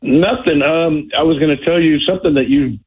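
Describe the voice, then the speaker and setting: A man's voice: fairly high pitch, brisk, slightly rough. A man calling in to a radio show, rambling hesitantly with many fillers. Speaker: caller. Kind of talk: casual phone call. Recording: tinny phone line.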